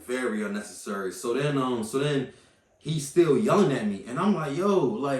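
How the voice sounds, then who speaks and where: A man's voice: a little high, animated, a little fast, a bit bright. A man vlogger retelling a confrontation in a heated, casual way, repeating points for emphasis. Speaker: vlogger recounting an incident. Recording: echoey room, mic at a distance.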